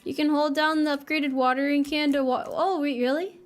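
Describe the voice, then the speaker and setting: A young woman VTuber chats casually with her viewers while streaming a farming game, teasing herself and joking around. Her high voice keeps a fairly even intonation at normal speed with few pauses, and faint music plays behind her.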